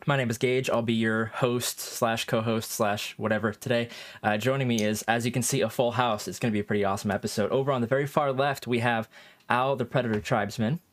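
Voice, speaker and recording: A man's voice: mid-range voice, fairly even intonation, a little fast. A man hosting a casual podcast, introducing each guest in turn, laughing easily. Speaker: host.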